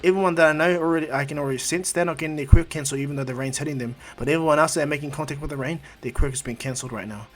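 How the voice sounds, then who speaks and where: A man voicing a calm, confident young male hero in a fan story, talking in his own plain voice with many fillers. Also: on the high side, rapid-fire, hardly any pauses, close to an everyday voice. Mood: explaining.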